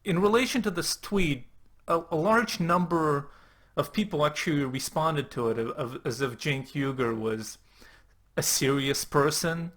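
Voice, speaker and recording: A man talking sarcastically and mockingly as he comments on online clips. His voice sits a little higher than most men's. He makes profane asides in a casual commentary tone. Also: measured pace, a bit bright. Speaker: commentary YouTuber.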